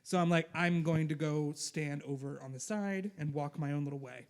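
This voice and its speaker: A man's voice: on the high side, normal speed, clean tone. Blunt podcast co-host man. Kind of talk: casual chat.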